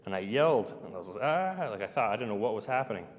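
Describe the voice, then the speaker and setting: Man, lowish voice, halting rambling storyteller, reverberant space. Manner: halting, full of restarts and trailing-off phrases.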